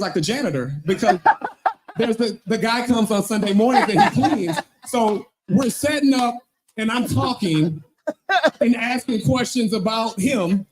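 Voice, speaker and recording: A man's voice: high voice, a little hiss or hum. A man telling a rambling, laughing story as part of a live roast at an open mic, swearing freely. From not from Wyoming. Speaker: podcast co-host roasting a guest.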